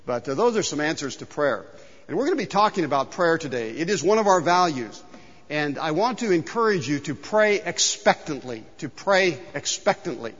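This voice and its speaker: A man preaching a sermon as pastor in a church, telling a folksy story with lively exclaimed punchlines. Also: a little high, moderate pace, long reverb tail, lo-fi sound. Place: church sanctuary.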